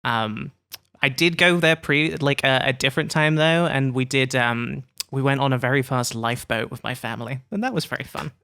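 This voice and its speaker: A man's voice: mid-range voice, steady tone, normal speed, gravelly, sharp tone, clean tone, no room sound. A man hosting a podcast, chatting casually and telling playful anecdotes. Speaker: podcast host. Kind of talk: casual chat.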